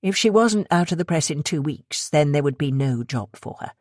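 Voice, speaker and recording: A woman narrating a thriller audiobook in a steady, even reading voice. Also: low-pitched, normal speed, no room sound, studio quality. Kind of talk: scripted narration.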